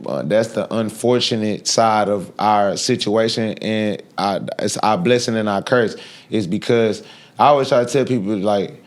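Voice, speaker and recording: A man, guest on a podcast interview, talking in a brash, animated way with loud bursts of laughter. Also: lowish voice, normal speed. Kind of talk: casual interview talk.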